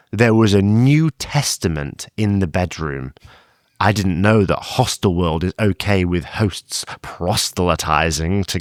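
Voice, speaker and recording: A man's voice: deep voice, no room sound, studio quality. A man co-hosting a podcast, chatting playfully with a sarcastic edge. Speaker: podcast co-host. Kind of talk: casual chat.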